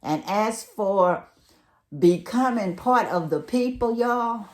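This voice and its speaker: A woman's voice: medium pitch, lively intonation, slow, darkish tone. A middle-aged woman from the United States with a Southern accent, chatting casually to her viewers in a folksy way as she gives advice. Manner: chatty, folksy, talks straight to viewers as "y'all". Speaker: vlogger giving relocation advice.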